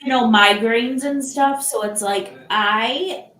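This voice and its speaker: A woman's voice: fairly high pitch, slow pace, sharp tone, reverberant, poor audio. An older woman from Michigan hosting a casual live chat, rambling with lots of fillers and restarts. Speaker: live stream host.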